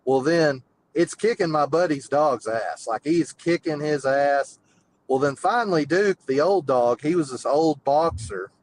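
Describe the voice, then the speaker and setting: A man's voice: a little high, a little slow, a little hiss or hum, low-quality recording. A man calls in and tells a long, rambling story full of fillers. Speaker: caller. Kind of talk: casual storytelling.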